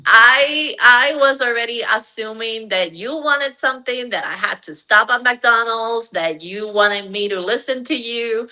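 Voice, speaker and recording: A woman speaks slowly, with a bright, sharp tone. She tells a story from her family life in a casual way, and she laughs easily as she talks. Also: a little high, poor audio. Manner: laughs often, tells personal anecdotes. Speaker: guest. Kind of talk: casual chat.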